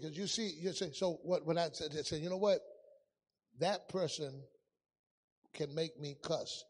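A male pastor preaching a sermon in a church, telling stories and swinging from loud calls to hushed asides. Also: high voice, big-room sound. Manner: storytelling preacher, swings from loud to hushed, folksy Southern-style grammar.

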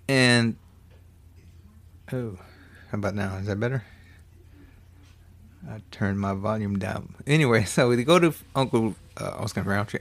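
Man in his thirties, casual profane movie reviewer, rambling with joking asides. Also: medium pitch.

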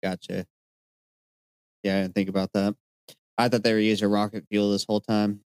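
A man's voice: fairly low pitch, level tone, brisk, clear, resonant tone, no room sound. A man co-hosting a podcast, reading out facts and chatting in a laid-back way. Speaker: podcast co-host. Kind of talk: casual chat, reading out facts.

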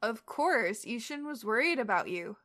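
Woman putting on a gruff deep-voiced cat. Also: lively intonation, bright, forceful tone. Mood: concerned. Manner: pushes her voice low and slow for the cat. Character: deep-voiced female cat spirit, stern and amused. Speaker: co-reader. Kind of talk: reading a fanfic aloud with friends.

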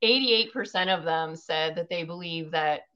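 A woman's voice: fairly low pitch, normal speed, bright, forceful tone. A woman coaching new mothers, talking emphatically and casually on a podcast, now and then swearing for emphasis. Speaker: guest, postpartum mindset coach. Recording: slightly dull lo-fi sound with faint noise.

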